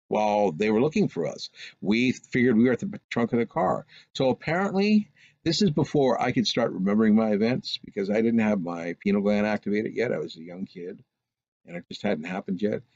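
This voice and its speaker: A man's voice: fairly low pitch, no room sound. A man telling a personal anecdote in a casual, rambling, meandering way. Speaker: storyteller recounting a personal experience. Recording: dull lo-fi recording.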